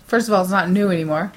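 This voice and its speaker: A woman co-hosting a podcast in casual chat, tired from poor sleep, chatty and quick to laugh. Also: mid-range voice. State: tired, yawning. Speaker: podcast co-host.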